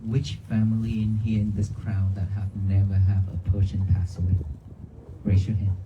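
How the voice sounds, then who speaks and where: A man speaks as a monk, preaching earnestly to a crowd in plain, simple phrases. His voice sits fairly low. He is recorded outdoors, with clear background noise from the open air. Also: monotone, moderate pace, lo-fi sound. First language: Vietnamese. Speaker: monk giving a dharma talk. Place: outdoors at a church cemetery.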